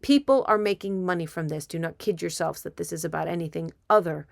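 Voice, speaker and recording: A woman hosting a casual political commentary monologue, rambling and animated, with asides and impressions. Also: fairly low pitch, a little fast, creaky, no echo, studio quality. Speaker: comedian and commentator.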